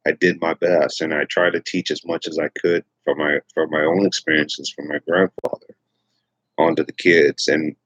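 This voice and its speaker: A middle-aged man talks in a relaxed, meandering way, full of ums and false starts, his voice very low and a little husky. The sound is dry and slightly dull, as if picked up at home on a modest mic. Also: normal speed, no room sound. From Texas. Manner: rambling, many fillers and restarts. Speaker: livestream host. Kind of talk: casual morning livestream chat.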